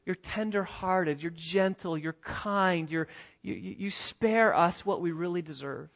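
A man with a high voice preaches a sermon as a pastor. He swings between quiet, thoughtful asides and raised, emphatic lines. The recording is slightly dull and lo-fi.

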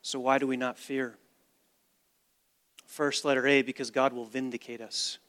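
A man preaching a sermon as pastor, with dramatic swings from hushed to loud and emphatic delivery. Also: mid-range voice, level tone, normal speed. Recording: long reverb of a large hall.

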